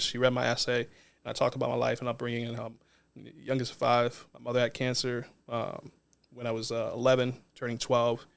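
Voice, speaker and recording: A man's voice: mid-range voice, vocal fry, smooth. A man, a non-profit co-founder, telling a personal story in a casual interview in an earnest, reflective way.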